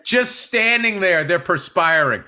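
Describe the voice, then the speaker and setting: A man's voice: high voice, expressive, a little slow, pushed and bright. A middle-aged man co-hosting a podcast, riffing in profane, needling banter. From United States. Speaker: podcast co-host. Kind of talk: casual comedic chat.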